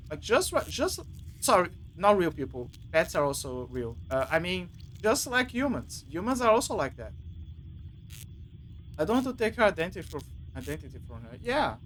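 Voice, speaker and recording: A man's voice: sits high, a bit bright, a little hiss or hum. A man streaming a video game, chatting casually and rambling with lots of restarts and fillers. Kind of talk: casual gameplay commentary.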